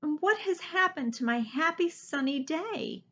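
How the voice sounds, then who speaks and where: A woman's voice: animated, measured pace, bright, forceful tone, full character voice. Jubal, a woman reading as a fretful little bullfrog. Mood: sad. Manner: fretful and high-pitched when alarmed. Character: gentle young male bullfrog, kind-hearted, easily upset. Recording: slightly dull lo-fi recording.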